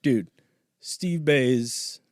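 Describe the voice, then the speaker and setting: A man's voice: mid-range voice, drawn-out words, dry recording, studio quality. A man hosting a podcast in a casual chat, joking, swearing and laughing often. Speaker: podcast host. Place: small home podcast studio.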